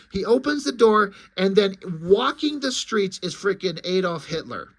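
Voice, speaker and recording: A man's voice: high-pitched, big pitch swings, normal speed, few pauses, fairly bright tone. A man casually walking through a comic book, chatty and swearing freely.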